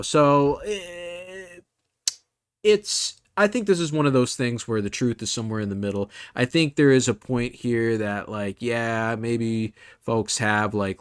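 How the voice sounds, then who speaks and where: A man's voice: medium pitch, smooth, dry recording, studio quality. A man hosting a casual comedy podcast, rambling through fillers and restarts and laughing often. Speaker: podcast host.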